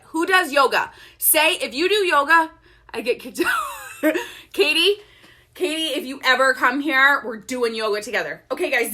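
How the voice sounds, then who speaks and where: A woman tells an animated, chatty story from her home office. Her voice sits high and bright, with a pitch that leaps all over as she laughs her way through it. She talks casually and straight to her viewers. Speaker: network-marketing business leader and vlogger.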